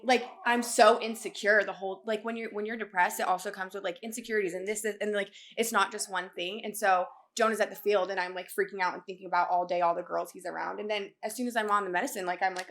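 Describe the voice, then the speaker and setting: A woman's voice: medium pitch, steady tone, fast, hardly any pauses, fairly bright tone. A young adult woman speaking candidly and with feeling as a guest in a casual podcast conversation, full of fillers. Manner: candid, emotional, many fillers.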